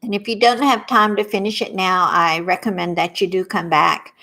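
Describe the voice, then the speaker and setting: A middle-aged woman with a Southern accent leading a guided tapping workshop, speaking slowly and soothingly and having listeners repeat phrases after her. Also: mid-range voice, fairly even intonation, creaky, bright, forceful tone.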